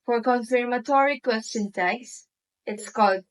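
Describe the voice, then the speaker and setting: A woman with a Filipino accent, a student presenting a classroom lesson and reading examples aloud in a slow, deliberate way. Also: fairly high pitch, rough recording.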